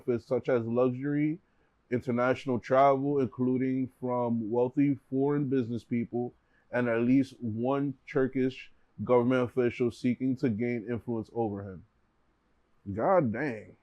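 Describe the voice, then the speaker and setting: Brief: male podcast host from New York, mid-pitched, casual read, slightly muffled lo-fi sound. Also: fairly even intonation, normal speed, no room sound. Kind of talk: casual chat, reading news aloud.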